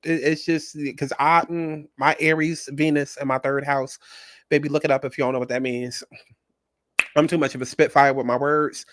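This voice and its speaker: A man's voice: a little high, little pitch movement, moderate pace, a bit bright. A man hosting a reaction commentary channel, blunt, profane and sassy as he riffs on a clip.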